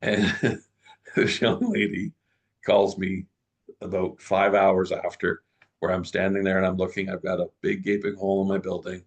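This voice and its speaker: A middle-aged man telling a story as a guest in an interview, lively and full of restarts. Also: low voice, slightly rough. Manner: animated storyteller, many restarts.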